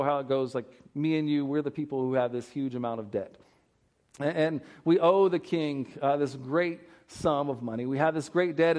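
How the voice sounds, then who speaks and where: A male pastor with a slightly high voice preaching earnestly. He talks in an easy, conversational way and often repeats words as he works through a thought. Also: darkish tone. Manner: conversational, retells scripture with acted-out dialogue. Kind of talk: sermon.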